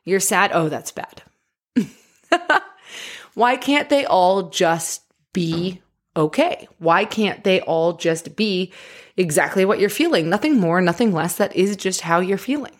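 A woman life coach giving a motivational talk in an animated way, laughing often. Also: mid-range voice, slow pace.

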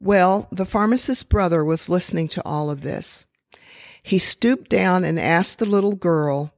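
Slow, deliberate woman storyteller. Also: on the low side, no room sound, studio quality. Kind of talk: sermon-style storytelling.

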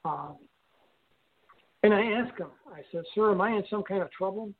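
An older man telling a personal story in an interview, speaking haltingly with frequent restarts and fillers. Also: high voice, crowd noise. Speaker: guest recounting an experience. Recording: tinny phone-line audio.

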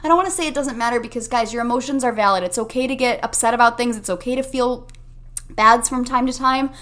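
High-voiced upbeat woman podcast host. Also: fast talker, a bit bright. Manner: upbeat, emphatic, talks straight to listeners. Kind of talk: motivational self-help monologue.

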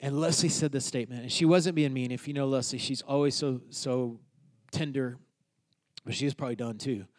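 Pastor telling a story in a sermon. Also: male voice, mid-range voice, fairly even intonation, brisk. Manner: personal storytelling, swinging from loud to hushed.

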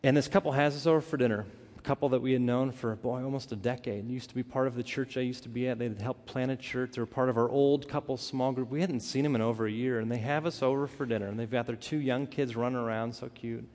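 A man preaching a sermon, telling a personal story with earnest, animated delivery and frequent restarts. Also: medium pitch, quick pace, hardly any pauses. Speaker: pastor. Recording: hall reverb.

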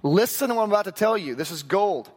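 Male pastor, sermon delivery, animated storyteller with acted asides, fairly high voice, long reverb. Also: fast.

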